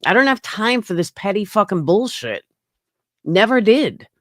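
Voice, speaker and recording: A woman's voice: mid-range voice, sing-song, moderate pace, dry recording, clean studio sound. A woman hosting a casual livestream, talking bluntly with frequent swearing and answering her chat. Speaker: livestream host.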